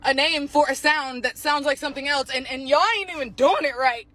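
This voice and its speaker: A woman's voice: high voice, a little fast, a bit bright, no echo. A woman doing a comedic rant, exasperated, acting out animal sounds as she goes.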